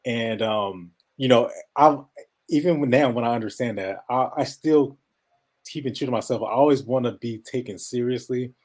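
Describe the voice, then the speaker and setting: A man with a nasal voice, a guest in a casual interview, talking quickly, now and then mumbling and breaking into laughter. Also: medium pitch, darkish tone. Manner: fast-talking, sometimes mumbles, laughs often. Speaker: podcast guest.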